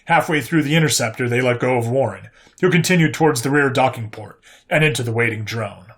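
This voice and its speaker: A man narrating a sci-fi story in a steady, plain storytelling voice. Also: mid-range voice, brisk.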